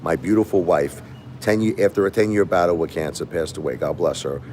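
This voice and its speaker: A man's voice: deep voice, brisk, a little mellow, slight background noise. A man hosting a live stream in a casual monologue, aggrieved and repetitive, putting rhetorical questions to his viewers.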